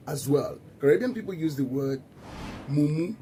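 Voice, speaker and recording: A man with a Nigerian accent, talking excitedly to camera about words he has noticed. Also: fairly high pitch, moderate pace, noisy background. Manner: excited, animated storytelling. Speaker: commentator. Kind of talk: casual commentary to camera.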